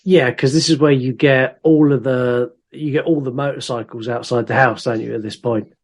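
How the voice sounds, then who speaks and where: A man at a middle pitch talks through a movie on a podcast. He speaks casually and swears freely. He sounds keen as he shares behind-the-scenes facts. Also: fairly even intonation, normal speed. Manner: enthusiastic, swears freely, shares film trivia. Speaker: podcast co-host. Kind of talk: casual film review chat.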